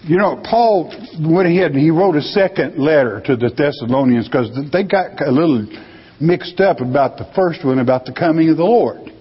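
Brief: husky male Bible teacher, emphatic, dull lo-fi sound with long hall reverb. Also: a little high, moderate pace. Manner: emphatic, rhetorical questions answered himself.

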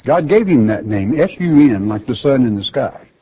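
A man's voice: mid-range voice, animated, moderate pace, mellow, husky. A man preaching a sermon. He reads scripture aloud and bluntly explains it, scolding listeners with rhetorical questions. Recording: dull lo-fi recording.

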